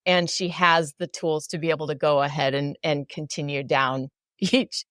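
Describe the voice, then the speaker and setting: A woman's voice: sits low, fairly even intonation, normal speed, fairly bright tone, no echo, clean studio sound. A woman hosting a podcast interview, affirming and effusive as she asks her guest questions. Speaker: podcast host. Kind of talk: interview conversation.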